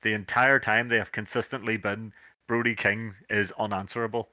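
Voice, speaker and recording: A man's voice: lowish voice, little pitch movement, moderate pace, pushed and bright, dry recording. A man co-hosting a podcast, chatting about wrestling with enthusiasm and plenty of swearing. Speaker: podcast co-host. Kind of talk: casual wrestling chat.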